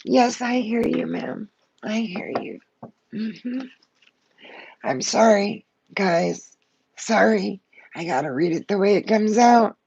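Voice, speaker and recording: A woman's voice: mid-range voice, takes it slowly, gravelly, pauses often, a little mellow, muffled recording, a little hiss or hum. A woman giving a live-stream tarot reading, blunt and emotional, swearing freely and short of breath. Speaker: tarot card reader.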